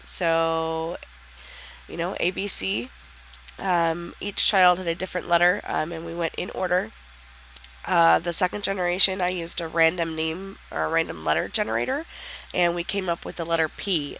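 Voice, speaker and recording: A woman with a raspy, nasal voice from a sinus infection, giving hesitant, chatty commentary as she plays a life-sim game. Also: fairly low pitch, a bit bright, a little hiss or hum, low-quality recording. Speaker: let's play host.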